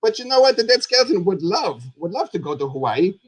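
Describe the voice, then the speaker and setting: A man hosting as a goofy, high-voiced skeleton. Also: fast, dry recording. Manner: rambling, excitable, refers to himself in the third person. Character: goofy skeleton host, male, chatty and silly. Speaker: host. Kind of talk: live puppet talk show.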